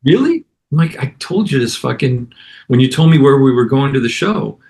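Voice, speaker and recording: A man, a guest musician, casually telling an animated anecdote and acting out other people's lines. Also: medium pitch, fairly quick, gravelly. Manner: animated anecdote with acted-out quotes. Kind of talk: casual storytelling.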